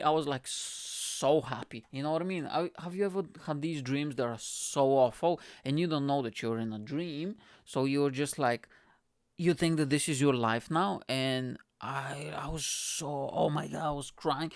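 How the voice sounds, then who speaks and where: A man's voice: on the high side, moderate pace, clean tone, dry recording. Young male comedian from Bulgaria, podcast host, rambling slangy storyteller; clean, resonant voice, close and dry. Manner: loose, slangy, says "bro" and "like" a lot. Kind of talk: casual storytelling monologue.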